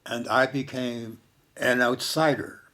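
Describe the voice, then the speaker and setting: A man's voice: medium pitch, fairly even intonation. Older man telling a reflective story. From Canada. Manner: slow, reflective, with hushed quoted lines. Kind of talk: personal storytelling monologue.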